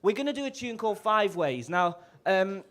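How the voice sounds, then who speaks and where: A man's voice: sits high, big pitch swings, normal speed, a bit bright. A man and bandleader chatting and joking between tunes at a live gig, laughing often and stumbling over his words, on a stage microphone. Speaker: bandleader and clarinettist. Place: live music venue.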